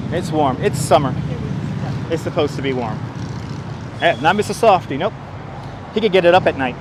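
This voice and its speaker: Man, livestream host, sarcastic chatty street talk, slightly high voice, clip-on mic outdoors with faint traffic. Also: lively intonation, normal speed, long pauses. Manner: sarcastic, chatty, answers viewers by name. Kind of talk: casual walking livestream chat. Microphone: wireless clip-on mic.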